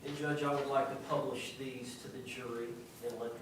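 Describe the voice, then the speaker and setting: A man's voice: medium pitch, level tone, background noise. Distant echoey courtroom lawyer, a man. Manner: formal, halting. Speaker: defense attorney. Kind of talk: courtroom procedure.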